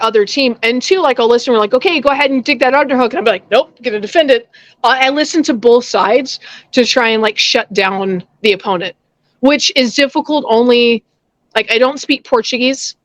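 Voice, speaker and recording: A woman in her thirties, a professional fighter, chatting casually as an interview guest and acting out quotes in lively storytelling. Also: a little high, no room sound. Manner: animated storyteller who acts out quotes.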